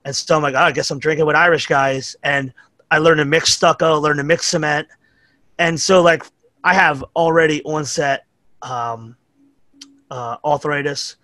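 A man's voice: on the high side, fairly even intonation, normal speed, bright, forceful tone, no room sound. A middle-aged man with a New York accent, telling rambling, profane stories as a podcast guest. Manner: profane, rambling anecdotes with acted-out quotes. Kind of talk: casual storytelling chat.

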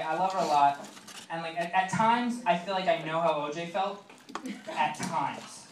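On a comedy club stage, a young man in his twenties runs through a stand-up set, his high voice rattling off lines fast and loose. He's chatty and full of fillers, tossing quick asides to the crowd. The recording is noisy, with a distant mic and roomy club acoustics.

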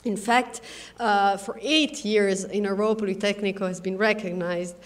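An Italian-accented woman delivers formal welcome remarks at a podium, speaking warmly with frequent small fillers. Her voice sits at a middle pitch. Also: fairly even intonation, normal speed. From Milan, Italy. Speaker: consul general. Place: event hall. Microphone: podium microphone.

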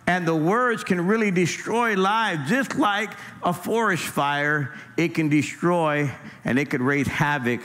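High-voiced pastor preaching casually. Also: male voice, unhurried, few pauses, a bit bright. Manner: conversational preaching, lots of "man" and stammered restarts. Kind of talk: sermon. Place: church sanctuary.

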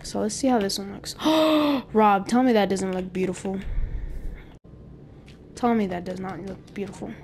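A woman's voice: medium pitch, fairly even intonation, moderate pace, gravelly, pauses often, darkish tone, slight background noise. A young woman chatting casually while playing a game with a friend, playful and teasing, laughing often. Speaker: gamer. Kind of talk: casual gameplay chat.

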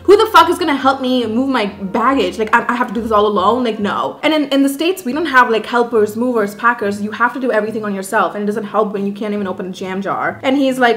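A young woman vlogger telling a storytime rant, animated and profane, dramatizing every detail. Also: fairly high pitch, a little fast, roomy sound.

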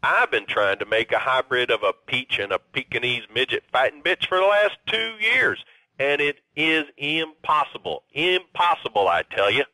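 Host doubling as an odd, low-voiced gardening caller, obsessive and rambling, game radio comedy. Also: male voice, very animated, moderate pace, sharp tone, no echo, poor audio.

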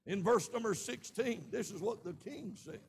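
A man with a Southern American accent preaching a sermon in a church, with shouted peaks and frequent amens. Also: sits high, lively intonation, moderate pace, gravelly, a little hiss or hum. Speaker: pastor. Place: church sanctuary.

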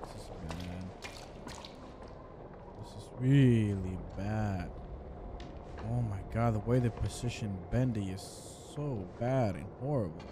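Young man mumbling slow gameplay commentary. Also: lowish voice, noisy background. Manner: mumbled offhand remarks. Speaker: let's play gamer.

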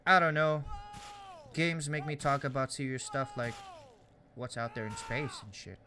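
A man's voice: medium pitch, moderate pace, background noise. A young man, rambling and joking through casual gameplay commentary. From Canada. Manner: rambling, jokey, self-deprecating. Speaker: gaming YouTuber.

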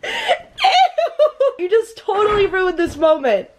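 Giggly high-voiced young woman vlogger. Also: lively intonation, measured pace, darkish tone. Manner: giggly and chatty, often laughing. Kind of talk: casual couple vlog.

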